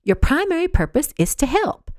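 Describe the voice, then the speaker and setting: A woman's voice: high-pitched, very animated, moderate pace, darkish tone, dry recording, studio quality, pitched above the performer's own voice. A woman voicing a stern, motherly older hostess who speaks in a firm, commanding way.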